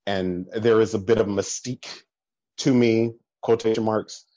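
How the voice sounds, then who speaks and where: A man with a low voice talks casually as a podcast guest, and the audio is a little dull. He tells his stories in bursts, with plenty of fillers and restarts. His laugh comes often, and he jumps higher in pitch whenever he acts out what someone else said. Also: a little slow, no room sound. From American Midwest. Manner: animated storyteller, swings up in pitch when quoting people. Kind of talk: casual chat.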